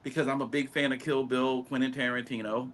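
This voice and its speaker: A man chatting casually on a podcast, telling stories and putting on quick voices for other people. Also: mid-range voice, flat delivery, fairly bright tone.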